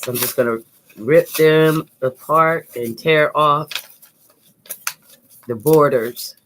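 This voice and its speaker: A woman's voice: sits low, takes it slowly, slight background noise. A middle-aged woman, hosting a live craft tutorial and chatting with viewers in an upbeat way as she works at her desk. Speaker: art teacher, channel host. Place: home craft desk, indoors.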